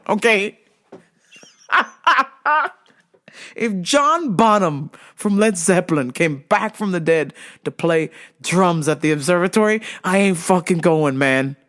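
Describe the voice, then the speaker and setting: A woman hosting a talk show, ranting in a profane, emphatic, comic way and laughing through her stories. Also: medium pitch. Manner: foul-mouthed, emphatic, repeats "okay?". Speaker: show host. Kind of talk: profane comedic rant.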